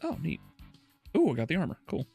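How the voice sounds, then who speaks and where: A man's voice: fairly high pitch, wildly swooping pitch, a little fast, vocal fry, mellow, slightly rough, faint music behind. A man streaming a game, chatting casually with his viewers, swearing freely and laughing often as he plays. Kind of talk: casual gameplay commentary.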